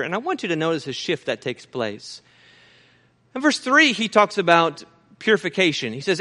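A man preaching a sermon to his congregation, swinging from loud urgent pleading to hushed, low, slow passages. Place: church.

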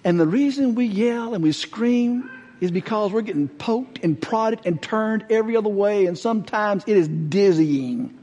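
A man preaching a sermon, telling a story earnestly and slowing down to stress his points. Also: lively intonation, mellow, lo-fi sound. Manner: earnest, slows and drops low to stress points. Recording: echoey hall reverb.

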